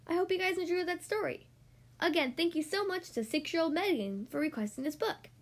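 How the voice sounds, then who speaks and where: A woman reading a rhyming children's picture book aloud in an expressive, sing-song way. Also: very high voice, brisk. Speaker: podcast host reading children's books.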